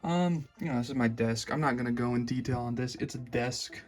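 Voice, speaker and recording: A man's voice: mid-range voice, fairly quick, soft background music. A young man with a Southern accent giving a casual, rambling room tour in his bedroom, full of fillers and restarts.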